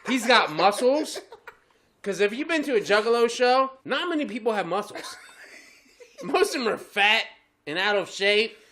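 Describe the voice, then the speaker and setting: A man co-hosting a crude casual podcast chat, rowdy and laughing, bursting into shouts. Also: high-pitched, big pitch swings, moderate pace, a little hiss or hum. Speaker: podcast co-host.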